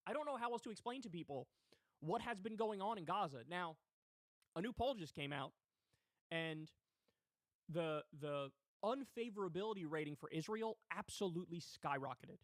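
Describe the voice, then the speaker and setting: This livestream host's high, fairly bright voice is expressive and moves at a moderate pace. He's angrily ranting about politics, cursing along the way, and the studio recording is clean with no room sound.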